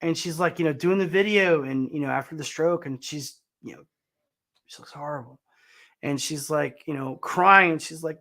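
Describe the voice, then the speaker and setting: A man's voice: on the high side, moderate pace, bright, forceful tone. A man hosting a casual show, talking bluntly about the news with swearing, fillers and restarts. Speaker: host. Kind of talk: ranting commentary on news clips.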